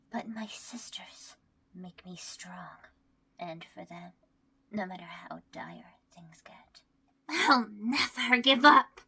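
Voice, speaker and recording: A woman voice actor playing a determined young female fighter who protects her sisters, in a breathy, half-whispered delivery that rises to shouts. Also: mid-range voice, exaggerated voice. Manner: earnest, defiant, rising to shouted threats.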